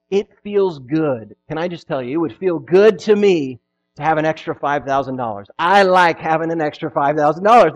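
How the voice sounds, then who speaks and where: Animated high-voiced pastor preaching. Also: male voice, lo-fi sound. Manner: animated, acts out quoted voices, swings between loud and hushed. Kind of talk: sermon.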